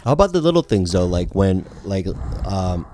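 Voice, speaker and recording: A man's voice: low-pitched, sing-song, normal speed, darkish tone, dry recording, clean studio sound. A man co-hosting a casual podcast, laid-back, laughing often and swearing casually. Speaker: podcast co-host.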